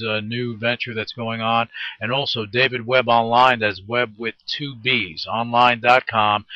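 A man's voice: medium pitch, pushed and bright, no echo, highs cut off. A man hosting an interview show, talking in an earnest, rambling and encouraging way. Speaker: podcast host. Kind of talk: casual interview chat.

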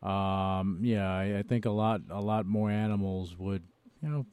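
A man interviews his guest in a low, smooth, resonant voice. He halts and restarts often but stays encouraging. The sound is close and dry. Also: steady tone, darkish tone, no echo. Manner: halting, restarts often, supportive. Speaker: interview host. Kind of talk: casual interview.

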